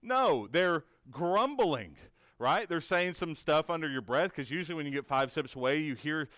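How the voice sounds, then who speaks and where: A man's voice: a little high, a little fast, sharp tone, no room sound. A man teaching a conversational Bible lesson in an earnest, encouraging way, asking many rhetorical questions and often checking in with "right?".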